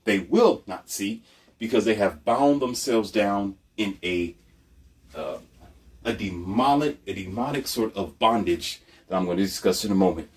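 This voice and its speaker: A man preaches bluntly in a low voice that rises and falls a lot. He repeats himself for emphasis. The sound is distant, as if the microphone is across the room. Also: animated, measured pace. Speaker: host of a motivational monologue. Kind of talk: preachy motivational monologue.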